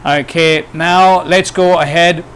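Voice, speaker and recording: A man's voice: fairly high pitch, fairly even intonation, slow, a bit bright, slight background noise. A man teaching grammar, hesitant, with many fillers and restarts. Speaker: English teacher. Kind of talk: grammar lesson.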